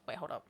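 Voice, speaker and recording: A woman chatting candidly on a live stream, rambling and self-deprecating with frequent laughs. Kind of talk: casual live-stream chat.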